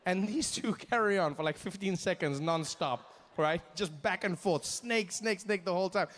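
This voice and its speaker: Animated South African comedian. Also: male voice, high-pitched, moderate pace. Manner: animated, acts out characters, self-deprecating. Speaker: stand-up comedian. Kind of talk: stand-up comedy storytelling.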